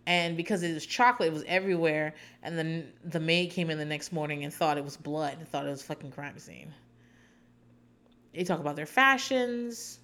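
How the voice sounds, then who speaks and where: Chatty sarcastic woman, lowish voice. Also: normal speed. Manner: rambling, sarcastic, animated asides. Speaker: podcast host recapping a reality show. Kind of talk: casual chat.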